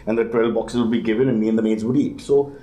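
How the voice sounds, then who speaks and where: Middle-aged man, rapid talk, mellow dark tone, deadpan comic asides. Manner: deadpan comic asides, jumps to high mock voices. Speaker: guest comedian. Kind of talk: comic chat answering parenting questions.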